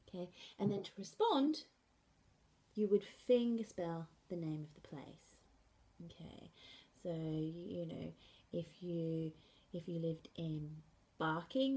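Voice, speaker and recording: Slow, patient woman teacher. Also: fairly low pitch, gravelly, warm tone. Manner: slow, patient, checks understanding with frequent "okay". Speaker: sign language teacher. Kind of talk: classroom lesson.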